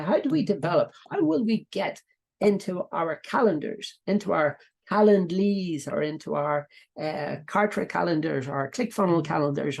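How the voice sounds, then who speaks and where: A middle-aged coaching trainer with a Dublin Irish accent leads a live online session. The voice is gravelly and a little husky, sitting in a middle register. The delivery rambles and repeats itself, with frequent side remarks. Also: medium pitch. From Ireland. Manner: rambling, repetitive, breaks off into asides.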